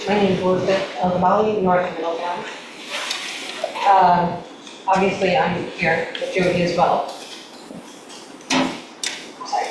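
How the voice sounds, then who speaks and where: A woman's voice: on the low side, flat delivery, moderate pace, pauses often. A woman giving public comment as a parent, emotional, earnest and emphatic. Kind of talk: public comment at a school board meeting. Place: large echoey meeting room. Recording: echoey room audio with faint noise, from a distance.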